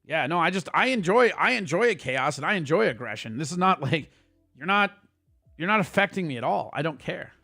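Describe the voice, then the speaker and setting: A man hosting a casual livestream, ranting at his chat in a quick, profane and heated way. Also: fairly high pitch, expressive, vocal fry, pushed and bright, no echo. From Italian heritage. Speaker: streamer host.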